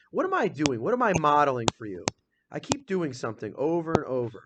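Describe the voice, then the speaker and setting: A male teacher leading a grammar lesson in a classroom, upbeat and energetic, firing questions at the class and reading example sentences out slowly. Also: fairly high pitch, heavy background noise.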